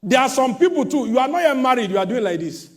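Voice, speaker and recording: Male preacher, sermon delivery, high and very animated, shouts then drops low. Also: fast talker. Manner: emphatic preaching, swinging between shouts and hushed asides. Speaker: pastor.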